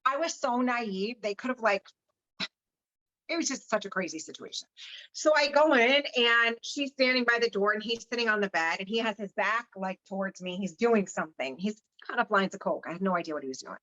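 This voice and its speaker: A woman on a podcast tells her personal story with no filter, swearing freely and acting out dialogue others spoke. Her mid-range voice is fairly bright and a little fast, and the recording sounds slightly dull.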